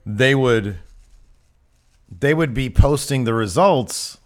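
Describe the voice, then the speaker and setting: A man's voice: mid-range voice, slow pace. A man co-hosting a live wrestling talk show, chatting casually and reading out fan mail with jokey asides. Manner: animated, jokey, reads fan letters. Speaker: wrestling podcast co-host. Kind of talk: casual chat. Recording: live-streamed show set.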